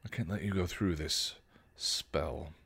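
A man doing a grim, soft-spoken vampire. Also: low-pitched, measured pace, creaky, breathy edge, pitched below the performer's own voice, exaggerated voice. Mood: grim gentle. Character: grim protective male vampire, gentle yet stern.

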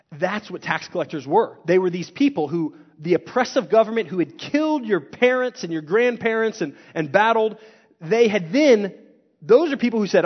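Man preaching, high-pitched voice, casual and fervent, dull lo-fi church recording. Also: animated, normal speed. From Texas. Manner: impassioned, conversational preaching with dramatic swings in volume. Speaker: pastor. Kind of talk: sermon.

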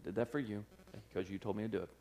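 A man preaching, telling a personal story in a sermon with lively acted-out quotes and frequent laughter. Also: lowish voice, very fast. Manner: animated storyteller, acts out quotes, laughs often. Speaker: pastor. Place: church service.

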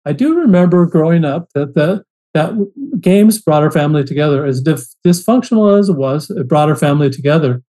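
A man's voice: on the high side, animated, a little fast, dark tone, rough recording. A man as a podcast guest, telling his story earnestly in a casual interview, often restarting phrases.

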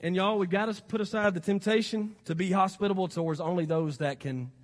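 A male pastor with a Southern accent delivers a folksy, exhorting sermon. His voice sits very high for a man. The sound carries a long reverb from the church sanctuary. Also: fairly quick. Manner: folksy and exhorting, rising to emphatic peaks.

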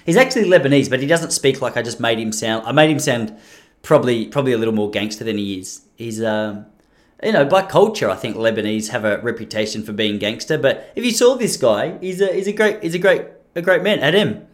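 A man's voice: mid-range voice, animated, a little fast. A man hosting his own podcast, rambling and self-deprecating in casual chat. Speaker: podcast host.

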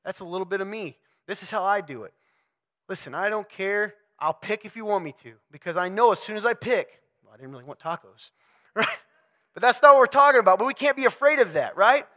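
A young man giving a conversational sermon to a men's group, animated and joking as he addresses the audience directly. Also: high-pitched, fast talker. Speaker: speaker at a men's talk.

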